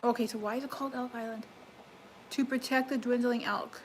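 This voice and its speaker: Canadian girl chatting on a livestream from her kitchen, kinda high voice, rambly, lots of likes and restarts, faint room hum. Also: steady tone, a little fast, poor audio. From Alberta, Canada. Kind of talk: casual live-stream chat. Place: home kitchen, cooking.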